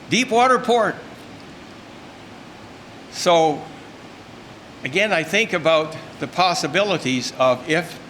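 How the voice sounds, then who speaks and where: A man's voice: on the high side, a bit bright, a little hiss or hum. Older male speaker, folksy and emphatic, talking to an event room. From Canada. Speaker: speaker at a luncheon. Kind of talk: informal speech.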